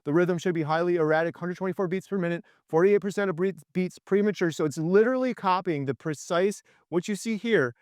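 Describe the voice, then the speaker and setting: Excited middle-aged man hosting his channel. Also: sits high, a little fast, hardly any pauses, dry recording, clean studio sound. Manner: enthusiastic, animated. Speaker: channel host. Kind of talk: casual video chat.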